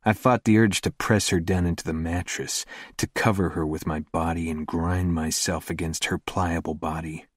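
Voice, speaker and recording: Male audiobook narrator, very deep voice, husky, hushed and intimate. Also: fairly even intonation, dry recording, studio quality. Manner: slow, hushed, intimate delivery. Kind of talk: first-person scripted narration.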